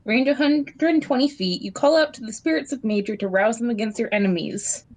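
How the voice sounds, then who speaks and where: A woman's voice: a little high, a little fast, a little mellow, low-quality recording. A woman playing a tabletop game, blunt and wary, reading out spell rules. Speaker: player. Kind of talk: casual tabletop game play.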